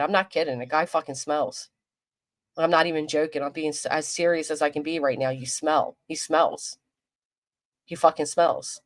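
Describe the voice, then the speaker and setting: A woman doing rambling livestream commentary, crude and mocking in a vulgar rant, often restarting her sentences. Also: sits low. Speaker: commentary streamer. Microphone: desk microphone.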